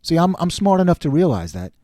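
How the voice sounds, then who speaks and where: Casting note: middle-aged male podcast host, sarcastic, lively swinging pitch, mellow tone, dry close sound. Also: fast talker, no echo. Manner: animated, sarcastic, quotes others in put-on voices. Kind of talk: opinionated political commentary monologue.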